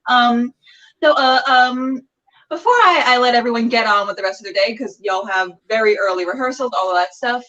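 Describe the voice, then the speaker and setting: A woman's voice: a little high, fairly quick, sharp tone, lo-fi sound. A woman hosting a casual interview over a video call, chatty and full of fillers. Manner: chatty, many fillers and restarts. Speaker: host.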